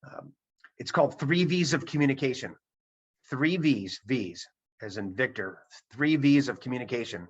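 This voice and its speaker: A man's voice: mid-range voice, animated, moderate pace, slightly rough. A man giving a seminar talk to a virtual audience over a video call, emphatic and repeating his key points. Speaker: presenter. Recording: dull lo-fi sound.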